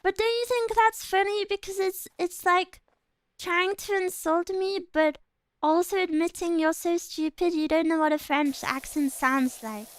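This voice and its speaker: A woman's voice: very high voice, measured pace, no room sound, rough recording. A woman streamer chatting casually with her viewers while playing a game, bubbly and giggly. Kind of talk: casual chat while gaming.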